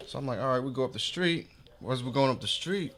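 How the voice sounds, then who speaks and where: Talking fast in a mid-range voice, this male podcast host spins a street story full of slang, with a little hiss or hum on the recording. He's lively throughout and performs the quoted voices of the story's characters.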